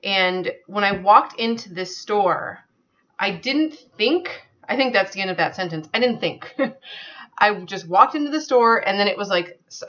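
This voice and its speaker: A woman talks straight to her viewers, sharing a personal story in an earnest, conversational way. She fills her sentences with small hesitations, and her pitch sits in an ordinary middle range. The recording sounds slightly dull and lo-fi. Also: bright, forceful tone. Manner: earnest, conversational, many fillers. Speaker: vlogger.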